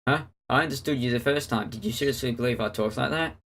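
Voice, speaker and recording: A let's player reads a visual novel aloud, narrating steadily like a storyteller and voicing the hero's lines. His voice sits in the mid-range and moves at a quick pace.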